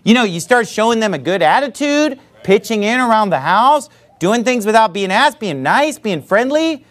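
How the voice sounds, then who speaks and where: Brief: male pastor, conversational sermon delivery, highly expressive pitch. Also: moderate pace. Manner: conversational, animated storytelling with frequent asides.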